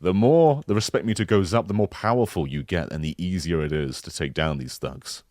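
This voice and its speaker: A man co-hosting a podcast, playfully improvising a mock game pitch in casual chat. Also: a little mellow, no room sound, clean studio sound. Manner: playful, joking improv pitch with quick voice switches.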